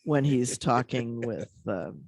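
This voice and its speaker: Chatty rabbi talking on the radio. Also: male voice, medium pitch, lively intonation, slow, creaky, darkish tone, no room sound, studio quality. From American Midwest. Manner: chatty, laughs easily, restarts often. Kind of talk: casual call-in radio chat.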